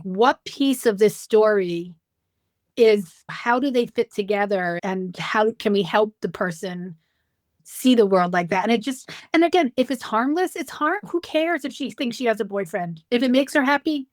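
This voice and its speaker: Animated storytelling woman, dry close sound. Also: a little high, dry recording. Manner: storytelling, animated, acts out dialogue. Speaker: dementia care expert, guest. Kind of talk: conversational podcast interview.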